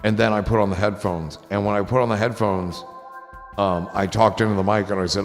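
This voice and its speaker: A man hosting a live stream, chatting casually and telling rambling, profane stories that turn excited. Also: fairly low pitch, brisk, creaky, in a large hall, over music, a crowd in the background. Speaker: streamer host.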